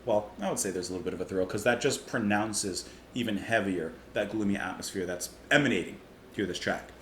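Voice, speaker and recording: A man's voice: fairly low pitch, brisk, a bit bright. A man hosting a music reaction channel, musing aloud about a song in a chatty way and comparing it to food. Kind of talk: casual music review monologue. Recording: roomy echo, faint background hiss.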